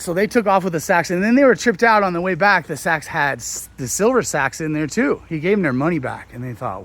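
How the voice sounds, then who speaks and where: A man's voice: a little high, animated, a little fast, few pauses, fairly bright tone, a little hiss or hum. A middle-aged man, a hotel host, retelling a Bible story in a loose, slangy, rambling way. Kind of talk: casual storytelling.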